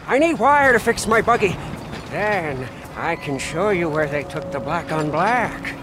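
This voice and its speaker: Brief: a zealous wasteland mechanic, high and jumpy, over loud game noise. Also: male voice, lively intonation, a little slow. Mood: worried. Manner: fervent, rambling, reverent. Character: zealous hunched male desert mechanic. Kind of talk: video game dialogue.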